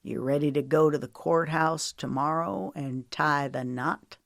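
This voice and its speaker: A woman's voice: sits low, measured pace, creaky, no echo, studio quality. A woman voicing an older, remorseful husband who turns earnest and drawling in an audiobook romance. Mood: teasing.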